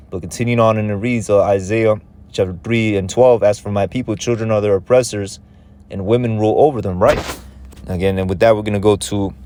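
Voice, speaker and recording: Guy with a lowish voice doing a laid-back scripture lesson, chatty and repetitive. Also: darkish tone. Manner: conversational, loose and repetitive. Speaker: religious teacher. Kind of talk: casual scripture teaching.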